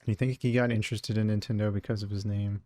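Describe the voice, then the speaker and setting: A man's voice: lowish voice, little pitch movement, fast talker, darkish tone, no room sound. A man streaming and chatting casually, muttering to himself and swearing offhand as he browses.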